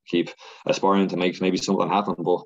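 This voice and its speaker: A podcast guest telling stories in a rush of excited, rambling speech, full of fillers and repeats. His voice is low and husky, and the lo-fi recording sounds dull. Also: fast talker. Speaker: podcast guest, Ironman athlete. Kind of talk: casual storytelling chat.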